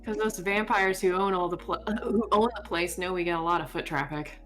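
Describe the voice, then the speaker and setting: A woman voicing a sardonic young female barista, reading game dialogue aloud in a dry, deadpan way. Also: fairly low pitch, a little fast, faint music behind, lightly acted.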